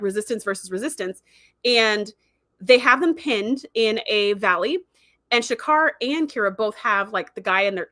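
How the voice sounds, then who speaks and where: A woman's voice: on the high side, a bit bright, no room sound, studio quality. A woman hosting a livestream, chatting casually and acting out characters' lines as she retells an episode. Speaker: livestream host.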